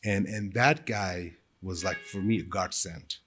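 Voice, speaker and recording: A middle-aged man from Ethiopia, a podcast guest and company founder telling stories in an animated way with frequent fillers. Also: low-pitched, a little slow, soft background music. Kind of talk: storytelling in a podcast interview.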